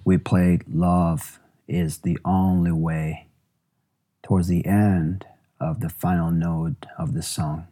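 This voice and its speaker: A man reads his memoir in a reflective, measured way. His voice sits low and dark, with a husky grain. He takes his time with each phrase. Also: flat delivery. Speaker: musician narrating his own memoir.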